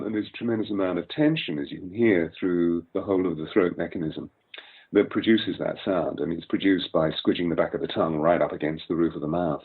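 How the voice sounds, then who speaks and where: A man's voice: sits low, a little fast, husky. An older English man with a Received Pronunciation accent, explaining at length as a voice coach guest in an interview, articulate and lecturing. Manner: articulate, lecturing, long flowing sentences. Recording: tinny phone-like sound.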